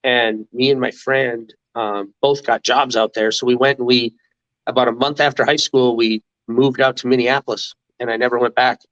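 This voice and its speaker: A man's voice: mid-range voice, level tone, normal speed, a bit bright, no echo. Middle-aged guy rambling through his stories, lots of restarts, dry slightly dull audio. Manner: rambling, many restarts, laughs while telling stories. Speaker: interview guest, former mascot. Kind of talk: casual storytelling.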